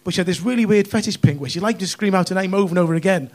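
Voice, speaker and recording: Cheeky high-voiced northern English comic. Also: male voice, very fast. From Runcorn, northwest England. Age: middle-aged. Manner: chatty, cheeky, tag questions like "right?". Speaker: stand-up comedian. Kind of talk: stand-up comedy set. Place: comedy club stage.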